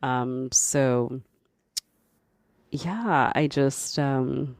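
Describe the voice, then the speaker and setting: Gravelly, chatty podcast host storytelling. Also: mid-range voice, extremely slow, dry recording, clean studio sound. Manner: chatty, heavy use of "like" and "you know"; laughs often while talking. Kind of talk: casual storytelling monologue.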